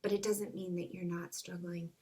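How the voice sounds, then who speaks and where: A middle-aged woman giving a spiritual care talk on grief. She speaks earnestly, acts out people's reactions with sudden jumps in pitch, and sinks to a soft, breathy near-whisper on serious points. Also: flat delivery, normal speed. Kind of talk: informal teaching talk.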